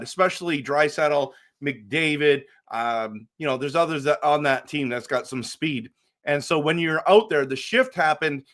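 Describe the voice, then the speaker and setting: A man hosting a hockey post-game show, talking casually over replays in a rambling, excitable way with frequent restarts. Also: a little high.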